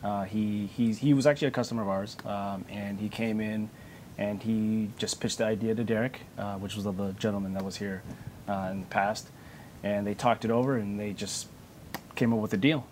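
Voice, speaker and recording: A man's voice: lowish voice, fairly even intonation, moderate pace, a little mellow, slight background noise. A man from a game store explaining events in a studio interview, with many fillers.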